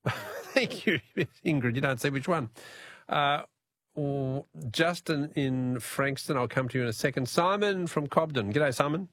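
A man's voice: a little high, unhurried, a bit bright, no echo. A man with an Australian accent hosting a radio quiz, chatty and jokey, laughing often. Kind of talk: casual radio talkback.

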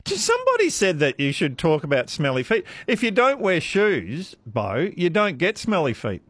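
Lively-voiced radio quiz host. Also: male voice, high-pitched, normal speed, no echo. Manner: chatty, self-deprecating, laughs often. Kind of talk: casual radio quiz chat with callers. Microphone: studio microphone.

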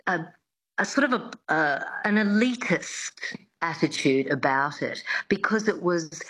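A woman's voice: on the low side, a bit bright, rough recording. A woman accent coach explaining things as a radio guest, with many restarts and fillers.

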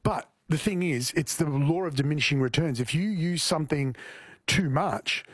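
A man's voice: a little high, moderate pace, husky, no room sound, studio quality. A man, a comedian guest chatting casually on a radio show, often repeating words as he starts a thought.

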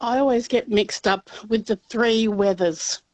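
A woman's voice: fairly high pitch, measured pace, no room sound. A woman calling in to a radio show and chatting plainly, spelling a word out letter by letter. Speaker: caller. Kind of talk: phone-in call.

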